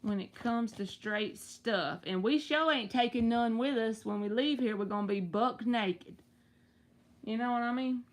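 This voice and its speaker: A woman's voice: a little high, a little slow. A woman hosting a live tarot reading, talking in a chatty, reassuring way with playful slang.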